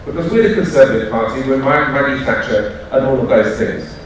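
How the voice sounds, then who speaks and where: A British man speaks at a conference in a loose, storytelling way, pausing on fillers and correcting himself as he goes. He is heard from some way off the microphone, and his voice rings through a large, echoing auditorium over a faint hum of room ambience. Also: medium pitch. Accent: British English. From United Kingdom. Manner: loose, anecdotal, frequent fillers and self-corrections. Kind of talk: live talk to an audience. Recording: echoey hall, speaker far from mic.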